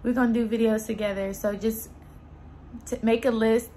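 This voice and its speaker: A woman's voice: on the high side, flat delivery, normal speed, mellow, slight background noise. A woman hosting her own channel in a casual vlog chat, effusive and repetitive as she talks straight to her viewers.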